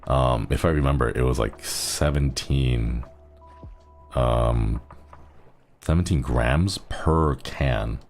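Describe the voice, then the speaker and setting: Male streamer, very low and gravelly, rambling chat over faint music, throat a bit strained. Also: slow, darkish tone. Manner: rambling, chuckles often, thanks viewers. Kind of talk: casual gaming stream chat.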